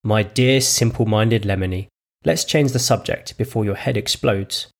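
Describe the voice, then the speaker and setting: A prim, know-it-all young woman, as a man reading the story puts her on. She talks down in measured, patronising phrases. Her raised voice keeps a husky, gravelly texture. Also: fairly low pitch. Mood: condescending. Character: prim condescending young woman, clever and smug.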